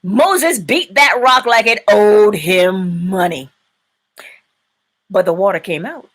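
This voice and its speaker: A woman hosting a live-stream inspirational talk, preaching in an animated way and laughing often. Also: medium pitch, slow. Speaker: inspirational speaker and host.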